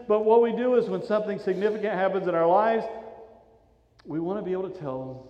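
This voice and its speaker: A man, preaching a sermon in a conversational, animated storytelling way. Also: sits high. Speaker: pastor. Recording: roomy, reverberant, dull sound from a hall.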